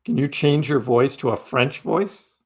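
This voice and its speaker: Gravelly man hosting a live crypto stream. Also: fairly high pitch, expressive, unhurried. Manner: chatty, answers chat messages out loud. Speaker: crypto livestream host. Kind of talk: casual livestream chat with viewers.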